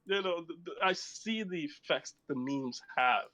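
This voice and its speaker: A man's voice: a little high, animated, measured pace, sharp tone, muffled recording. A man in his thirties chatting casually, telling rambling stories and laughing often. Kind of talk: casual chat.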